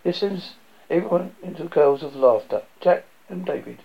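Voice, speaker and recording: A man reads a film script aloud as narration, tripping over lines and fixing them as he goes, captured in a dull lo-fi recording. His voice runs highish and creaky, animated, at a moderate pace.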